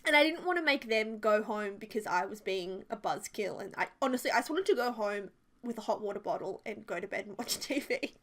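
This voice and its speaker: While doing a Sims speed build, a twentysomething woman with an Australian accent rambles through a funny personal story vlog-style. Her medium-pitched voice is expressive and fairly bright, she laughs often, and "like" fills her sentences.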